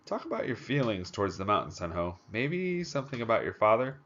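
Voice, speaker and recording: A man voicing an impatient adult male film director who gives brisk orders, in a higher voice than his narration. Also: sing-song, fairly bright tone, lo-fi sound. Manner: pushy, brisk, orders people about.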